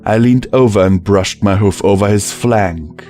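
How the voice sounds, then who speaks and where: Slow, low-voiced male audiobook narrator. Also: dark tone. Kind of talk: first-person audiobook narration. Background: faint music.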